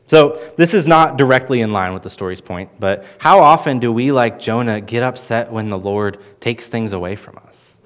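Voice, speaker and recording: A man teaching through a Bible passage in an earnest sermon, with lively emphasis and frequent restarts. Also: mid-range voice, moderate pace. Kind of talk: expository sermon.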